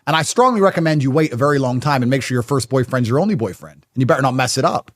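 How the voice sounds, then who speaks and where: A man's voice: medium pitch, lively intonation, very fast. A man speaking as a guest in a podcast conversation, blunt and emphatic in his statements.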